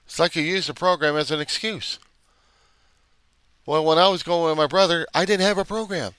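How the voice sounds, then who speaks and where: A man's voice: a little high, normal speed, pauses often, a bit bright, smooth, dry recording. Blunt, profane man in a confessional vlog. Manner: blunt, profane, rambling and self-questioning. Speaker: recovery video diarist. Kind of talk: unscripted confessional monologue.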